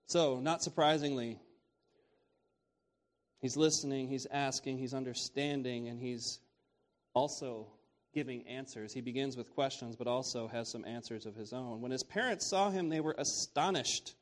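A man's voice: medium pitch, normal speed. Casual conversational male preacher. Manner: casual, repeats key phrases, asks "right?". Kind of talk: conversational sermon on scripture.

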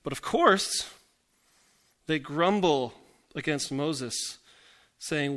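A man's voice: a little high, very slow, a bit bright. A male pastor giving a conversational sermon, full of self-deprecating jokes and rhetorical questions to the congregation. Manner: joking, self-deprecating asides.

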